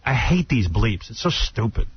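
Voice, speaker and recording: A man's voice: on the low side, sing-song, normal speed, breathy edge, no room sound. A man hosting a radio show, chatting bluntly and wryly in casual banter. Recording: dull lo-fi radio broadcast.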